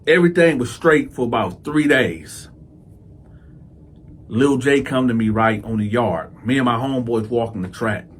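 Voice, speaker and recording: A man tells a story in a casual, animated way, speaking straight to his viewers. He repeats himself for emphasis and keeps his voice at an ordinary mid pitch. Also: normal speed. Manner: repetitive, emphatic. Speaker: host and storyteller.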